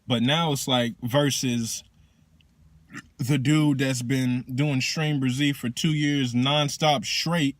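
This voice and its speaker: A man with a mid-range voice talks about spiritual practice in loose, slangy language full of swearing. He tells it like an animated story. The recording is dry, with no room echo. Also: mid-range voice, slow pace. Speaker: teacher. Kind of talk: casual spiritual explainer.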